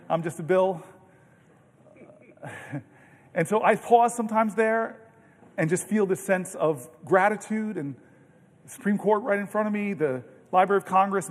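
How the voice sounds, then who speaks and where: A senator in his fifties giving a long floor speech, telling anecdotes with many restarts and self-interruptions. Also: sits high. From United States. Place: large legislative chamber. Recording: distant mic in a reverberant chamber.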